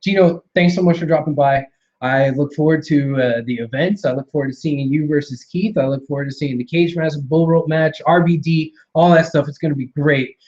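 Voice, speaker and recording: A man's voice: fairly high pitch, brisk, darkish tone, muffled recording. A man hosting a live wrestling radio show, chatting casually with a guest, laughing often and keeping things moving. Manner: laughs often, easygoing, wraps up segments. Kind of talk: casual interview chat.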